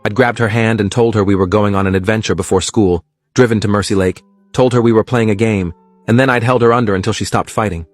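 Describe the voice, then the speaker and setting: Low-voiced man narrating a horror story. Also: fast talker, no echo, soft background music. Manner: steady first-person storytelling.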